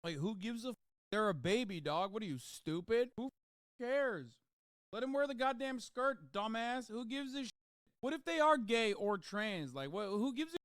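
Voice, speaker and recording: A man's voice: high-pitched, expressive, normal speed, a bit bright, clean tone, no echo, clean studio sound. A man doing livestream commentary, ranting sarcastically with plenty of swearing.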